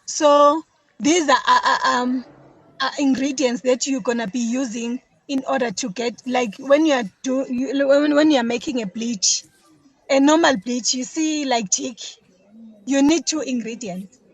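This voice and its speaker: A woman's voice: sits high, unhurried, breathy edge, no room sound, poor audio. A South African woman explaining detergent making as a podcast guest, chatty, often repeating words. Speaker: business guest, detergent maker. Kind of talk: casual podcast interview.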